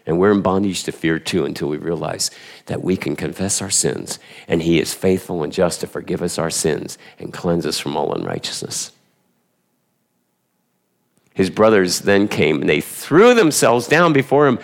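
With a deep, gravelly voice at a normal speed, a male pastor delivers a lively, forceful sermon in church. He challenges the congregation with rhetorical questions and repeats his key phrases for effect.

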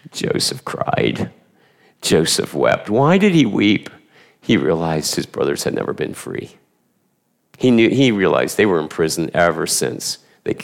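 A male pastor's voice sits low and carries vocal fry as he preaches in church. Emphatic and animated, he repeats his central phrases and peppers the congregation with rhetorical questions.

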